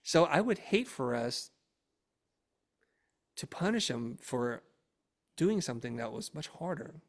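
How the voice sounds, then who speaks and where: Gravelly middle-aged man telling a story. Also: fairly high pitch, a little slow. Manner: animated, acts out dialogue in raised voice. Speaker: interview guest. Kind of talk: casual storytelling.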